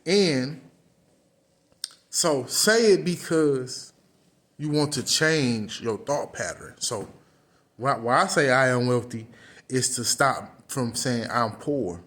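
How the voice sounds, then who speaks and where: A man's voice: mid-range voice, a little slow, long pauses, fairly bright tone. A man gives a casual motivational talk, earnest and repetitive, restarting phrases as he goes. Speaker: motivational speaker.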